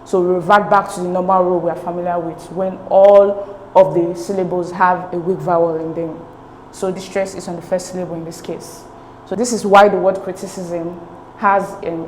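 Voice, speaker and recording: A woman's voice: fairly low pitch, level tone, brisk, darkish tone, reverberant, a little hiss or hum, low-quality recording. A woman tutoring an English exam lesson, explaining each answer step by step and checking in with "okay?" as she goes. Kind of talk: recorded exam-prep lesson.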